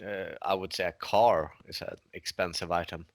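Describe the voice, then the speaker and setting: A man's voice: sits low, steady tone, dry recording. A man playing a tabletop game, joking around and asking questions about the rules. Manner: joking, asks rapid rule questions. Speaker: player. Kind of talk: casual tabletop game chat.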